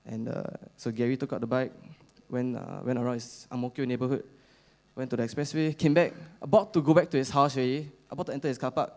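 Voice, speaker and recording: Young Singaporean man, mid-pitched, casual rambling church talk full of fillers. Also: steady tone, darkish tone. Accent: Singaporean English. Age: young adult. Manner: halting, many fillers, chatty with slang particles. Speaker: youth speaker at church. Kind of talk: casual storytelling sermon.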